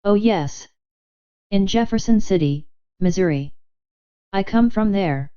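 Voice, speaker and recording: A woman's voice: medium pitch, expressive, takes it slowly, warm tone, smooth, muffled recording. A woman playing a gushing, flustered young lady. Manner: gushing, breathless babble. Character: young American woman feigning silly, flustered helplessness.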